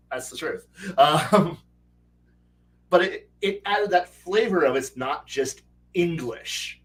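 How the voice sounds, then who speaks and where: A man's voice: on the high side, takes it slowly, long pauses. A man hosting a casual livestream chat as game master, acting out characters as he tells stories and stammering through restarts. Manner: animated storyteller who acts out quoted characters. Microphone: online call mic. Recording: voice distant from the mic.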